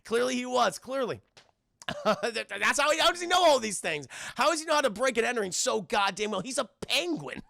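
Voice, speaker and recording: A young man recapping a film for his live chat, profane and excitable, constantly addressing the chat. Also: very high voice, fairly quick, gravelly, dry recording. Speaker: streamer reviewing a film. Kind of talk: casual livestream commentary.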